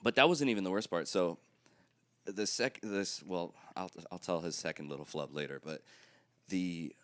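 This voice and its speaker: A man co-hosting a podcast, telling a story in casual chat, profane and animated, acting out his own reactions. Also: low-pitched, moderate pace, no room sound. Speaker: podcast co-host.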